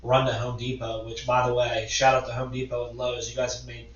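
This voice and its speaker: A man's voice: mid-range voice, completely flat delivery, brisk, distant mic. A man in his thirties co-hosting a podcast, casually telling a long rambling story and swearing freely. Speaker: podcast co-host. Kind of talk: casual chat. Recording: echoey, dull lo-fi room sound, off mic.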